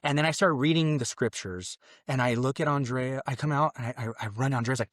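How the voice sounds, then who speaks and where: A man's voice: a little fast, few pauses, dry recording, studio quality. A man from Mexico, a podcast guest telling his conversion story in a rambling, earnest way full of restarts. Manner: acts out his own past exclamations in a louder, higher voice. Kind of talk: personal conversion testimony in conversation.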